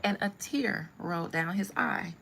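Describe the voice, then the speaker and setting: A woman's voice: medium pitch, measured pace, vocal fry, fairly bright tone, slightly rough, rough recording. A woman hosting a live stream, telling a personal story in a blunt, humorous way. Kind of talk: casual storytelling.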